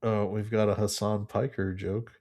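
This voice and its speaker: A man co-hosting a casual chat show, reading memes aloud one after another. His voice sits low and stays fairly flat, and he laughs often between jokes. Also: normal speed. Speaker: podcast co-host reading memes.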